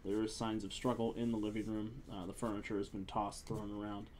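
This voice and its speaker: A man's voice: lowish voice, flat delivery, a little fast, a little mellow, slight background noise. A man running a tabletop role-playing game as game master, narrating scenes and laughing often.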